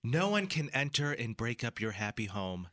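A man co-hosting a morning radio show, bantering playfully and cracking quick jokes. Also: medium pitch, very animated, a bit bright.

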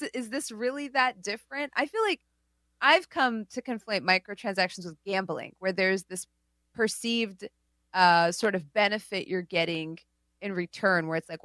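A woman's voice: mid-range voice, normal speed, sharp tone, no room sound. Chatty woman full of filler words. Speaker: podcast co-host. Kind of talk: casual chat.

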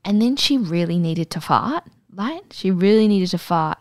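A woman, co-hosting a casual podcast and telling an animated story, acting out the voices. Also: mid-range voice, moderate pace, no echo. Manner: animated, acts out voices in stories. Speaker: podcast co-host.

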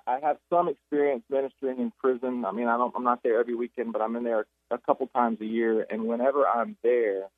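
A man, an author and radio guest, retelling Bible stories with animated storytelling and many restarts. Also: medium pitch, dry recording. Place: Jacksonville. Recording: tinny phone line.

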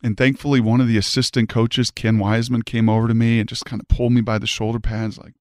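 A man, a former high school quarterback, giving an earnest and emphatic personal faith testimony. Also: fairly even intonation, brisk, few pauses, darkish tone, no room sound, studio quality.

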